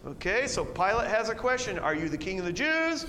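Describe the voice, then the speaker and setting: Emphatic high-voiced preacher in a hall. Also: male voice, sing-song, a little fast, few pauses, sharp tone, slight background noise. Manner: emphatic, conversational, with rhetorical questions. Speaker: pastor. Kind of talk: expository Bible teaching sermon. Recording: long reverb, faint room ambience.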